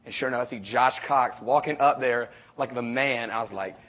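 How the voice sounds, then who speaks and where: A man, a youth leader, telling a camp story in a casual, animated way and acting out the quotes. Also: medium pitch. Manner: animated, quick retelling with acted-out quotes. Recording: dull lo-fi audio.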